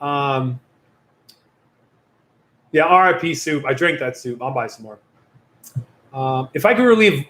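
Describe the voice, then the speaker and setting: A man's voice: mid-range voice, lively intonation, measured pace, long pauses, fairly bright tone. A man hosting a casual youth Q&A livestream as a youth pastor, rambling and chatty, often breaking off mid-sentence. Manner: rambling, chatty, self-interrupting. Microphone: computer or phone mic on a video stream. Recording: echoey room.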